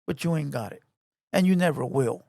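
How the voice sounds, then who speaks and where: A man delivers a heated, taunting rant to camera from a home garage. His voice sits high, and he hammers the same lines over and over. The sound is dry and close, with little room around it. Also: brisk, gravelly, mellow, no room sound. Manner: taunting, repetitive, confrontational. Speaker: online commentator.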